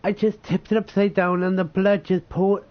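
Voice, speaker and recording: A man from the United Kingdom telling a painful personal story, halting, tearful and swearing as he talks. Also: high-pitched, little pitch movement, muffled recording. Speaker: vlogger.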